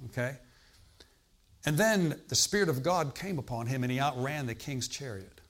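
A man's voice: medium pitch, normal speed, a bit bright. Man, preacher, sermon, mid-range voice, conversational, questions to the congregation, emphatic exclamations.

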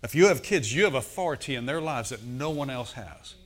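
Bright-voiced man preaching a sermon. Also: medium pitch, animated, brisk. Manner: storytelling preacher who acts out quoted voices; calls for amens from the congregation. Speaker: pastor.

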